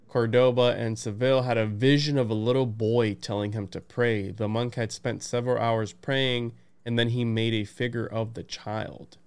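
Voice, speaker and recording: Homme animé qui dit « bro ». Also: male voice, mid-range voice, smooth. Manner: excited, laughing, says "bro" and "dude". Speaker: podcast host. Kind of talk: casual chat, reading aloud.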